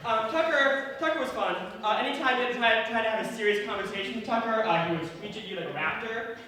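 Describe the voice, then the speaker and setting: A man's voice: high voice, fast. A young man doing a stand-up set at a comedy club, self-deprecating and rambling with fillers. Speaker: stand-up comic. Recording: echoey room from far off, loud crowd. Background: audience laughing.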